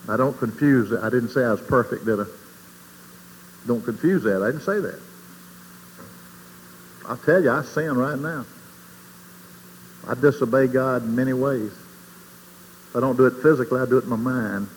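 A man giving an informal sermon in a folksy, conversational way, asking the audience questions and swinging between quiet asides and loud emphasis. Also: medium pitch, normal speed, long pauses. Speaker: speaker giving a Christian testimony. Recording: long hall reverb, faint background noise.

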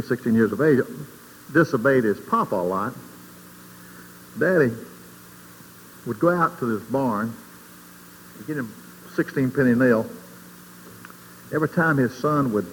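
A man giving an informal sermon in a folksy, conversational way, asking the audience questions and swinging between quiet asides and loud emphasis. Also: medium pitch. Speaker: speaker giving a Christian testimony. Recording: long hall reverb, faint background noise.

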